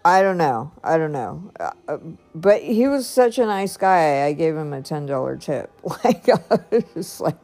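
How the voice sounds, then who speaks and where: A woman's voice: low voice, animated, normal speed, dark tone, soft background music. A woman talking casually in a personal vlog, chatty and rambling, laughing often. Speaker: vlogger.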